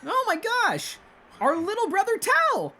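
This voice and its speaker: A woman's voice: very high voice, wildly swooping pitch, measured pace, sharp tone, voice pushed up, exaggerated voice. Picture a pair of goofy young soldier brothers, squealing with delight, as a woman puts them on. The voice shoots far up and bounces all over. A faint hiss of room noise sits behind it. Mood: excited. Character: excitable young male twin soldier brothers.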